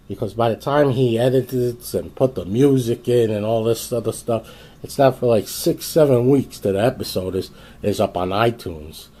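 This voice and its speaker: A man's voice: lowish voice, dark tone. A man hosting his own video channel, telling a story in a casual, exasperated rant full of restarts. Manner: exasperated, ranting, lots of restarts. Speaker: YouTube host.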